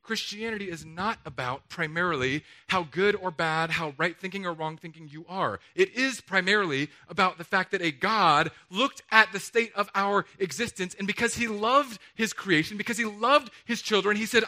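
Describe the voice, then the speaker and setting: A man preaching a sermon in a chapel, emphatic and energetic, swinging between loud declarations and quiet asides. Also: sits high, moderate pace, few pauses. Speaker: pastor.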